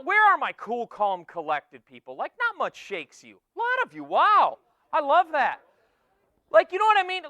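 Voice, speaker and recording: A man in his forties gives a lively, jokey keynote to a student audience, his voice pitched high and swooping all over. The tone is bright and crisp, and the close mic keeps the sound dry. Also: dry recording. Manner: animated, jokey, audience-teasing, swings from loud to hushed. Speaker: keynote speaker. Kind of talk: energetic motivational keynote talk. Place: conference hall with a student audience.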